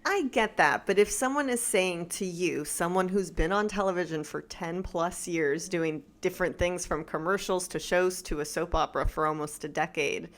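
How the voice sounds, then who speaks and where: A woman in her thirties co-hosting a casual show, lively and teasing as she chats with her husband. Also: on the low side. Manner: lively, teasing, quick to laugh. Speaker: podcast co-host. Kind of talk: casual chat.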